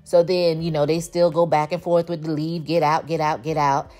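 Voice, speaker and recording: Low-voiced woman giving a gossipy recap. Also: moderate pace. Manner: animated, gossipy storytelling with slang. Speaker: TV show reviewer. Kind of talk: casual episode recap.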